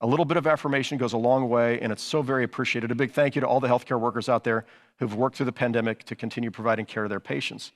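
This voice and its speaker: Fast-talking pastor preaching in a hall. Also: male voice, medium pitch, steady tone. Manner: conversational preaching with frequent restarts and "you know". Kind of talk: sermon.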